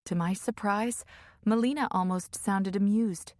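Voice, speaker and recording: Woman audiobook narrator, mid-pitched, measured and emotive, dry close studio sound. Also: fairly even intonation, no echo. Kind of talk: scripted first-person audiobook narration.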